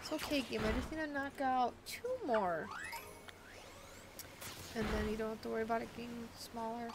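A woman's voice: a little high, fairly even intonation, normal speed, very noisy. A woman streamer chatting and rambling casually as she plays a video game. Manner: rambling, chatty, thinking aloud. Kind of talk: casual chat while playing a video game.

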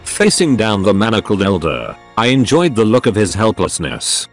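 Brief: computer-voiced male narrator, low pitch, lively contour, steady storybook reading. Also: moderate pace, faint music behind.

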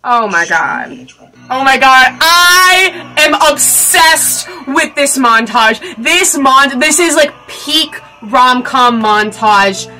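A young woman in her twenties reacts to a movie in a casual vlog, gushing and excitable and swearing freely. Her voice sits a little high and jumps into shrieks when she gets worked up. Film music plays clearly behind her. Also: takes it slowly, poor audio. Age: 20s. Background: film soundtrack music.

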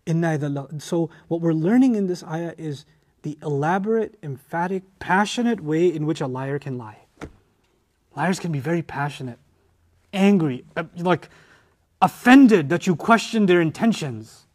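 A man giving an animated, emphatic scripture lesson as a teacher, with frequent restarts. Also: sits high, normal speed. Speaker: Quran teacher. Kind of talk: lecture on scripture.

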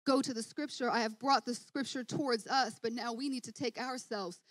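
A woman preaching a sermon in church, telling the story in lively scenes with voiced asides and rising excitement. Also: a little high, brisk, no room sound.

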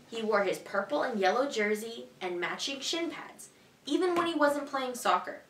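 A woman teacher reading a children's picture book aloud in a clear, expressive, evenly paced way. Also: fairly high pitch, distant mic, slight background noise. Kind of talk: storybook read-aloud for children. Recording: echoey room, voice a bit off-mic.

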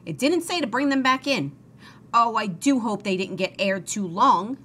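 A woman's voice: on the high side, expressive, normal speed, bright, forceful tone, slightly rough, voice pushed up, exaggerated voice. Woman voicing a cheerful, literal-minded maid. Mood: eager. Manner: earnest, eager to please.

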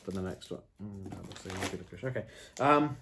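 A man co-hosting a casual snack tasting chat, reading packet blurbs aloud slowly and making dry jokes. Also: sits low, animated, creaky, a bit bright, slight background noise. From United Kingdom. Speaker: co-host.

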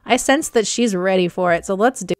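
A young woman hosting a gaming channel, chatting casually and excitedly through her gameplay and talking to her animals. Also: medium pitch, a little fast, clear, resonant tone, no echo. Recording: dry close mic with faint music.

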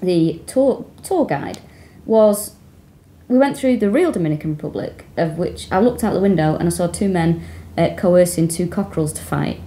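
A woman co-hosting a comedy podcast in casual chat, a playful, animated storyteller. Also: fairly low pitch, normal speed.

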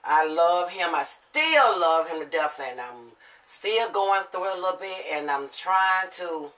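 Bright-voiced woman telling family stories. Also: on the low side, a little slow, recorded from a distance, rough recording. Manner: emotional, animated storyteller acting out quotes. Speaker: mother and family vlogger. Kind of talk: casual storytelling to viewers.

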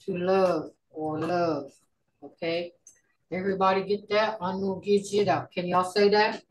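Woman, language teacher on a video call, patient and slow, repeats words for learners. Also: lowish voice, flat delivery, slight background noise, rough recording. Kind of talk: online language class.

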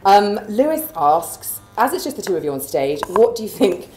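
A woman's voice: mid-range voice, very animated, moderate pace, a little mellow, soft background music. A woman hosting a live interview and reading out viewer questions in a bubbly, upbeat, enthusiastic way. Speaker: host. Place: office event space. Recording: echoey room.

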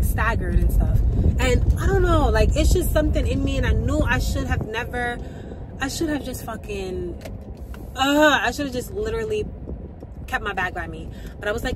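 A woman's voice: fairly high pitch, fairly quick, background noise. Chatty young woman with a numb mouth. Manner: chatty, swears freely, rambling and animated. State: numb mouth, speech slightly slurred. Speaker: vlogger. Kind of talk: casual vlog chat to camera. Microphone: handheld camera at arm's length.

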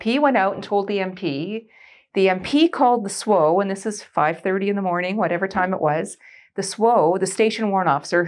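A woman in her forties from Canada, a former military switchboard operator, telling an oral history story in a lively, anecdotal way and laughing often. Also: lowish voice. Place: board room of a museum.

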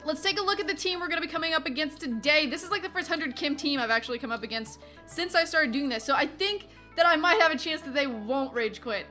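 A young woman hosting a gaming video, giving chatty, excitable casual commentary while she plays. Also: high-pitched, soft background music. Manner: chatty, excitable, quick asides.

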